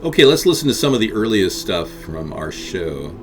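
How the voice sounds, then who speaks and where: Lowish-voiced man rambling on a live stream. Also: very animated, normal speed, very noisy. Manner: rambling, combative toward chat. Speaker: host of a live streamed talk show.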